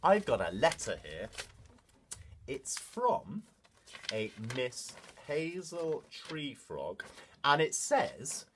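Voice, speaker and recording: A man's voice: fairly high pitch, huge pitch swings, extremely slow, slight background noise. A man presenting a children's music lesson, talking straight to the young class in a playful, encouraging way.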